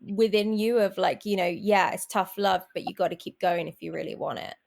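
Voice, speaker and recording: A woman's voice: lowish voice, brisk, gravelly. Encouraging woman podcast co-host. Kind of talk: casual podcast chat.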